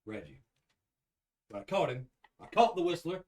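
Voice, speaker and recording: A man's voice: fairly high pitch, sing-song, normal speed, a little mellow. A man playing a tabletop game in casual chat, bossy and blustering, recorded from a distance. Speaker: player. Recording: distant mic.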